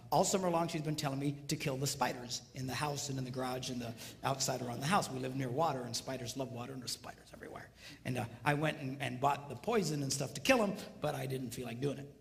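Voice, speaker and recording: Older guy preaching on marriage, high voice jumping all over, big echoey hall. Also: gravelly. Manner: animated, acts out voices in stories. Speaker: speaker on marriage. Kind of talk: seminar talk.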